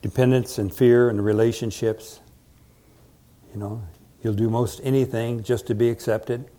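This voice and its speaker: A man's voice: medium pitch, flat delivery, normal speed, dark tone. A man preaching a sermon, retelling a Bible story with dramatic quoted lines and joking asides.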